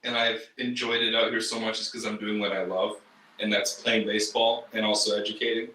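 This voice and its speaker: A man's voice: lowish voice, little pitch movement, brisk, sharp tone, roomy sound, distant mic, slight background noise, rough recording. A man from Canada, a baseball player and teacher, answering interview questions earnestly and reflectively, with frequent ums.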